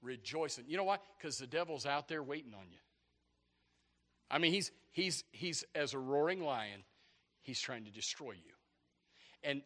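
A man preaching a sermon, animated and repetitive, with rising shouts. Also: mid-range voice, normal speed. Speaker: pastor.

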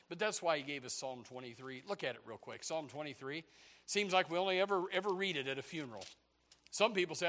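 Male preacher with a bright, forceful voice, folksy and exclamatory. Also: a little high, expressive, normal speed, in a large hall. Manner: folksy and exclamatory, with frequent stammered restarts. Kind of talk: sermon.

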